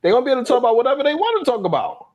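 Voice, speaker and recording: A man's voice: very high voice, very animated, very fast, lo-fi sound, a crowd in the background. A man on a discussion panel, defending his view insistently and repeating his words as he goes. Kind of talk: heated panel debate.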